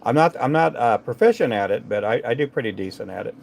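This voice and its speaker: A man with a gravelly, creaky voice talks to viewers on his live stream. He rambles from thought to thought with lots of fillers and false starts as he works at his tying bench indoors. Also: medium pitch, expressive, fast, a little mellow, slight background noise. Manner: rambling, chatty, many fillers and restarts. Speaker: livestream host tying fishing jigs.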